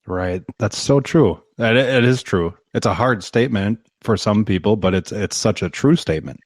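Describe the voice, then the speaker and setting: A man hosting a podcast interview who talks haltingly and searches for his words. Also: fairly low pitch, no room sound, clean studio sound. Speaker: podcast host. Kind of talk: casual interview chat.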